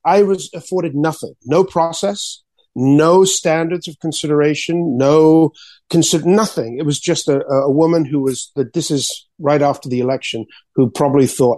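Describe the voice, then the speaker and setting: A man, an artist and author, telling his story as an interview guest, excitedly repeating words and acting out quotes. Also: fairly high pitch, moderate pace, dry recording.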